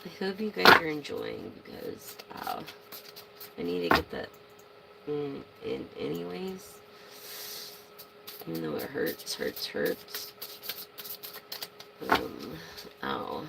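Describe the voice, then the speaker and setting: Animated, gravelly-voiced woman tarot reader. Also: very deep voice, takes it slowly, long pauses, very noisy. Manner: chatty, excitable, bursts into shouting; swears casually. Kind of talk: casual tarot reading to viewers.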